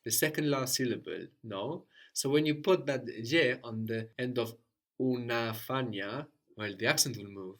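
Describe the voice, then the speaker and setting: Male tutor, average pitch, patient and prompting, ends points with "no?". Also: expressive, moderate pace, few pauses. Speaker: language teacher. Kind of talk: guided language lesson.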